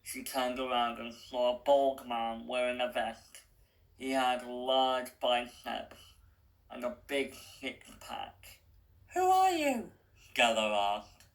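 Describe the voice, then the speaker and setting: Casting: male narrator reading fan fiction aloud, gravelly, bright tone, unhurried. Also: mid-range voice, little pitch movement, poor audio. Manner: slow, deliberate, with small restarts.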